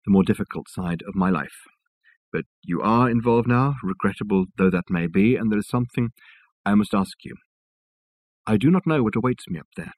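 A man voicing an eccentric elderly male college don in an audiobook, with courteous, old-fashioned formal phrasing and a husky tone. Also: on the low side, darkish tone, no room sound. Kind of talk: audiobook character voice.

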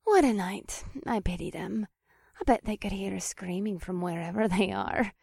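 A man putting on a breathy, sultry witch woman. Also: high-pitched, lively intonation, normal speed, a little mellow, no room sound, studio quality, voice pushed up, full character voice. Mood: sultry, adoring. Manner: purring, fawning. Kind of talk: audiobook reading.

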